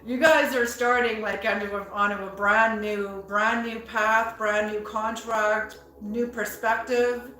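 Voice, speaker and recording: A woman giving a tarot reading in a slow, musing way, repeating her words and bursting into excitement now and then. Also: a little high, echoey room, slight background noise, rough recording. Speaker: tarot reader.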